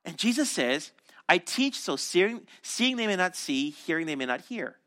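A male pastor delivers an animated sermon, slipping into quick voices for the people in his stories. His voice sits high and bright, and it swings widely in pitch as he preaches. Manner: animated storytelling, acting out voices of crowds and disciples.

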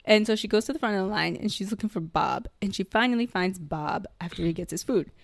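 A woman casually recapping a film to a friend, telling it in a lively way with lots of swearing and acted-out lines. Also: medium pitch, quick pace, gravelly. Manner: animated storytelling, acting out characters with profanity. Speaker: podcast co-host recapping a film. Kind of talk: casual chat.

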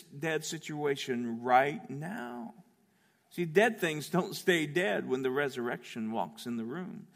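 A man's voice: on the high side, expressive, slow, vocal fry. Impassioned preacher man in an echoey hall. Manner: impassioned, swings from shouting to hushed. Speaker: pastor. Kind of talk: Easter sermon. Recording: echoey hall, long reverb.

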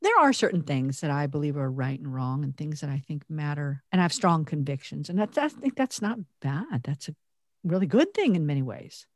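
A woman co-hosting a podcast, talking earnestly and reflectively with animated emphasis. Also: deep voice, brisk, no room sound, clean studio sound. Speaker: podcast co-host. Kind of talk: conversational podcast talk.

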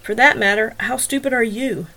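A woman putting on a shrill, frantic killer. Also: normal speed, pushed and bright. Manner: shrill, desperate pleading. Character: frantic, whining female killer.

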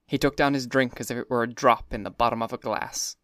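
A man giving a measured, even first-person reading of a classic novel. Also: mid-range voice, no echo, studio quality. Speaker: audiobook narrator. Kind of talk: scripted first-person narration.

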